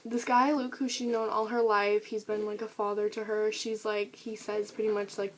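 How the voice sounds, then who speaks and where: A woman's voice: mid-range voice, level tone, moderate pace, few pauses, slight background noise, low-quality recording. A teenage girl chatting eagerly about her favorite books, with lots of fillers, recorded on a camera mic. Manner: gushing, chatty, many fillers. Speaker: book vlogger. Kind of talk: casual book review vlog.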